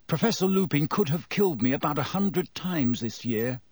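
A man's voice: a little high, lively intonation, normal speed, no echo. A man doing a defiant teenage boy. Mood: firm.

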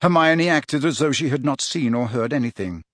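A man reading a novel aloud as narrator, in measured, expressive storytelling. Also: mid-range voice, no room sound, studio quality. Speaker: audiobook narrator. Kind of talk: scripted narration.

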